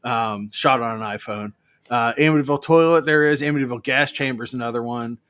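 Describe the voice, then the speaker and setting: Speaking fast in a smooth, slightly bright voice of medium pitch, a man in his fifties co-hosts a show, recorded dry. He jokes and rambles through casual banter, leaning on many fillers.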